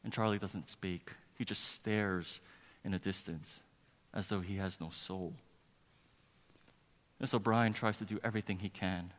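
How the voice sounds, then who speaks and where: A man's voice: low voice, fairly even intonation, measured pace, pauses often. A male pastor preaching a sermon, telling a story earnestly and building to emphatic preaching. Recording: long reverb of a large hall.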